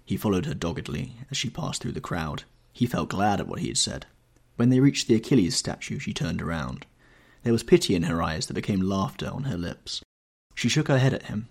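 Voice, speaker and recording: A man reads a classic novel aloud with measured, expressive storytelling. His voice is low and gravelly with a husky texture. His intonation rises and falls freely. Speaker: audiobook narrator.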